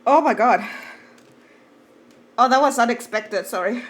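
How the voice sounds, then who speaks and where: A woman chatting casually on a live stream with a slightly high voice. She gushes excitably and swears freely, often trailing off into stacks of fillers. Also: measured pace.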